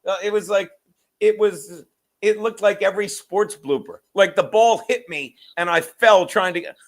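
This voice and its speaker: A man hosting a casual podcast, his voice sitting high for a man. He rambles and curses freely and laughs often, losing his thread as he goes. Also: moderate pace. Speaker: podcast host. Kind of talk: casual chat.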